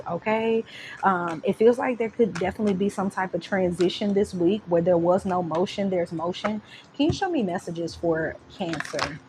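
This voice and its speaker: A woman giving a casual tarot reading, talking in an animated, slangy and profane way, with home background noise. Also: fairly low pitch, moderate pace. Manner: animated, slangy and profane, breaks into laughs and sung lines. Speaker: tarot reader.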